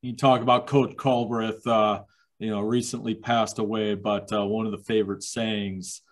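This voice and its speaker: A man interviewing an athlete, enthusiastic and praising, halting with filler words. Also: lowish voice, little pitch movement. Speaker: interviewer, athletics communications director. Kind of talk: interview questions.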